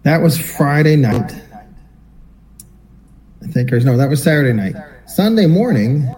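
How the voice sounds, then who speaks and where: Mellow-voiced man telling a story. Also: on the high side, measured pace, poor audio. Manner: animated anecdotal storyteller, acts out quotes. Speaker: podcast co-host. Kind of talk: casual storytelling chat.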